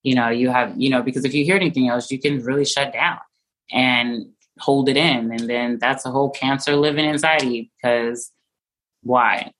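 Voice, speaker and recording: A young woman with a strikingly deep, low voice tells a painful personal story in conversation. She speaks haltingly, full of fillers and restarts, often going soft and trailing off as she searches for words. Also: fairly even intonation, poor audio. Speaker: interview guest.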